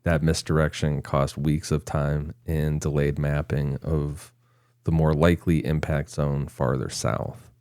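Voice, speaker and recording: A podcast co-host with a rumbling low voice reads from research notes in long stretches, chuckling now and then in a casual show. His delivery is a little slow and mellow with little pitch movement, in a dry, clean studio recording.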